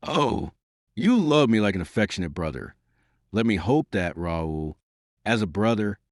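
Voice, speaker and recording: A man's voice: on the low side, big pitch swings, unhurried, no echo, studio quality. A man voicing a desperate, devoted young woman, pleading through tears in an audiobook reading. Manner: pleading, emotional.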